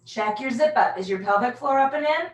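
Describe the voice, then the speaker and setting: A woman leading a pilates class, calmly cueing breaths and moves in a casual, self-deprecating way. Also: sits high, fairly quick. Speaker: pilates instructor. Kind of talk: guided workout instruction. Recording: echoey room, mic far off.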